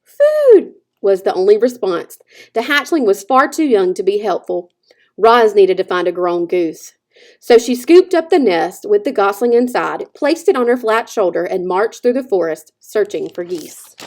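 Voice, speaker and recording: An expressive woman reads a children's novel aloud, her pitch climbing and dipping with the story. She tells it like a teacher reading to a class, gentle and clear. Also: moderate pace. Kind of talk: children's book read-aloud.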